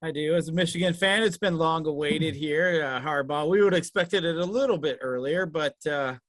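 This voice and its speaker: A man co-hosting a sports podcast, speaking quietly and measuredly as a football fan. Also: fairly high pitch, fairly quick, no room sound. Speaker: podcast co-host. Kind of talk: casual sports chat.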